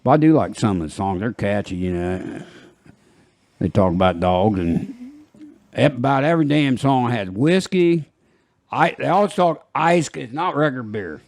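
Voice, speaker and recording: A man's voice: medium pitch, expressive, normal speed, darkish tone, no echo. An older man hosting a casual group chat, joking and laughing often. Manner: jokey, laughs often, slips into put-on voices. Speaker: podcast host.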